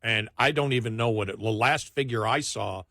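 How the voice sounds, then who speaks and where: A man's voice: lowish voice, normal speed, pushed and bright, no room sound, clean studio sound. A man co-hosting a talk radio show who chats in a wry, teasing way. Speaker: radio co-host.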